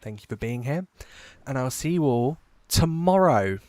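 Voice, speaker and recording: A man's voice: mid-range voice, lively intonation, normal speed, mellow, no room sound. A man from near London, chatting casually and rambling as he live-streams a game, swearing now and then. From England, near London.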